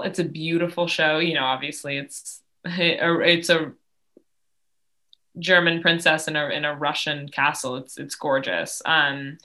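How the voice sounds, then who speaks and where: A woman's voice: low-pitched, pushed and bright. A young woman as a podcast guest, chatting casually and enthusiastically with many fillers. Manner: enthusiastic, laughing, filler-heavy. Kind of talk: casual chat.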